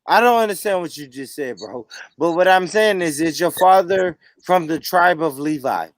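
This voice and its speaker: A man's voice: on the high side, animated, moderate pace, dry recording. A man hosting a heated casual debate, emphatic and repetitive, often cutting in and swearing. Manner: emphatic, repetitive, interrupting, profane. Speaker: podcast host.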